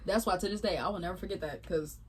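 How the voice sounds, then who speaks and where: A young woman co-hosting a casual chat, telling stories in an animated way with lots of laughter. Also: on the low side, racing, a little hiss or hum. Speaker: podcast co-host.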